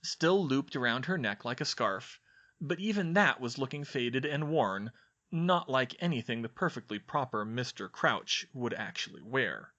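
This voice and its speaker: A man reading a story aloud in a steady, even narration. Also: mid-range voice, unhurried, muffled recording. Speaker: audiobook reader.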